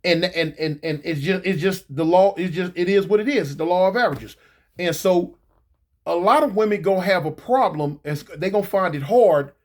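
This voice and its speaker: A man with a high-pitched speaking voice spins a casual personal story. His talk is slangy and rambling, full of repeated phrases and asides to the listener. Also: darkish tone.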